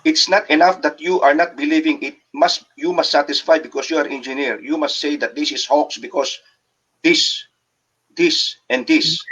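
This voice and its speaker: A man's voice: a little high, fairly even intonation, moderate pace, a bit bright, breathy edge, low-quality recording. An older man with a Filipino accent, a guest engineer on a talk show, lecturing indignantly and mixing English with Tagalog. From Philippines. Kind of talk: emphatic radio talk show interview.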